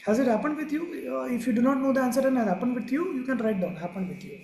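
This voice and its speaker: A man's voice: very high-pitched, lively intonation, very fast, darkish tone. Brief: male psychologist teaching parents, chuckling, acting out lines, roomy echo with faint hiss. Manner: chuckles often and acts out what children and parents say. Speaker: child psychologist teaching a course. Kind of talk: live online lecture to parents. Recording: echoey room with faint background noise.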